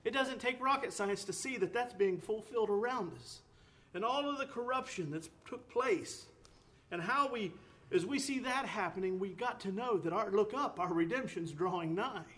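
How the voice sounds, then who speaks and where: A man's voice: sits high, moderate pace, fairly bright tone. A man preaching a sermon, earnest, with rising emphatic bursts, often repeating words and restarting phrases.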